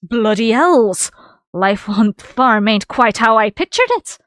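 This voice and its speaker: Woman playing a roguish middle-aged innkeeper, Irish lilt, loud, jovial, game dialogue, dry. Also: a little high, animated, measured pace, no room sound. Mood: gruff, jovial. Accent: Irish-style lilt. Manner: loud, hearty and teasing. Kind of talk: reading game dialogue aloud.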